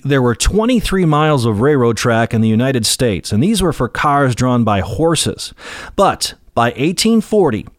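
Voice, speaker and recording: Animated male history storyteller. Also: medium pitch, dry recording, clean studio sound. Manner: storytelling, emphatic and folksy. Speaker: history show host. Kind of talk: scripted history narration.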